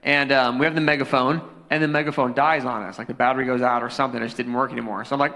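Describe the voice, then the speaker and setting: A young man, a youth pastor, preaching casually into a handheld mic, telling a story with jokes and animated asides. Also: medium pitch, rapid-fire, few pauses. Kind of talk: sermon. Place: church sanctuary. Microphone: handheld microphone. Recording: long hall reverb.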